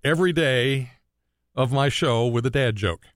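A man's voice: mid-range voice, a little slow, no room sound, clean studio sound. A man hosting a Christian radio talk show, bantering and telling dad jokes. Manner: joking, playful banter. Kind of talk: casual chat with dad jokes.

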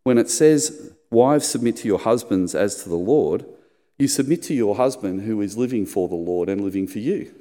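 Male pastor, middle-aged, low mellow voice, storyteller, church hall reverb. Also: animated, moderate pace. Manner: storytelling, acts out squeaky high voices in anecdotes. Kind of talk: sermon.

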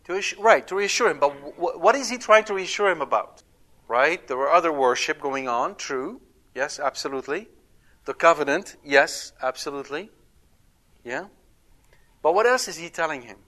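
A man teaching a Bible study, talking conversationally, asking his listeners questions and slowing down to stress key words. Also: fairly high pitch, animated, sharp tone. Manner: emphatic, slows to stress words.

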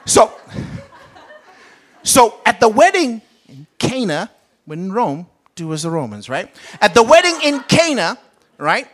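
A man's voice: sits high, very animated, a little slow, fairly bright tone. A man preaching a sermon with a British accent, acting out the Bible characters as he goes. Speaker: pastor.

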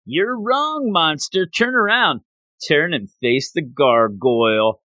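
A man's voice: on the high side, expressive, slow pace, bright, forceful tone, dry recording, clean studio sound, exaggerated voice. A man doing a sly gloating villain. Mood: menacing. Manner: gloating, commanding. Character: menacing misshapen male villain, cold and sly.

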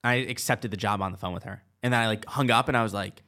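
This guest is a man in his twenties whose lowish voice comes out fast, pushed, and bright. Chatty and loose, he recounts a long personal story, leaning heavily on "like" and on quoting what people said.

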